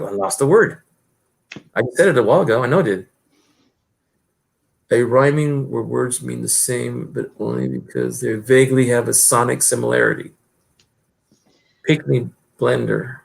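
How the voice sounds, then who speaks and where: A man's voice: mid-range voice, moderate pace, gravelly. A middle-aged man hosting a stream, chatting casually and rambling with lots of fillers and restarts. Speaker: stream host. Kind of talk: casual chat.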